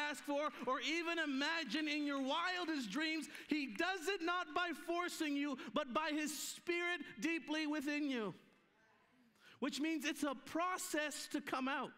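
In a church hall, an animated man with a high voice preaches as a guest, telling stories and performing the voices within them. The sound is from a live stream and carries a long hall reverb.

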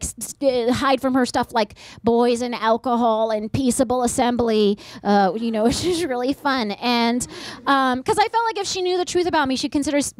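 A woman in her thirties, a comedian and author giving an animated stand-up style book talk at a bookstore event. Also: a little high, dry recording. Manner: animated, voices characters, deadpan asides.

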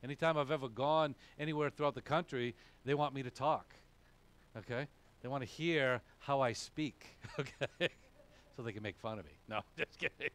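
A man's voice: medium pitch, normal speed, fairly bright tone. A man with a Boston accent preaching a sermon in a conversational way, often checking in with "okay?". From New England, USA. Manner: conversational, frequent "okay?" asides. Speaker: pastor.

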